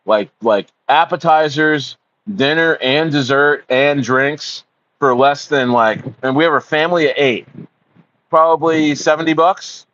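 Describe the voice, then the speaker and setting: A man's voice: on the high side, measured pace, fairly bright tone, highs cut off. A man hosts a casual livestream. He rambles, fills his talk with ums and uhs, swears, and calls his viewers bro. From United States. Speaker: livestream host.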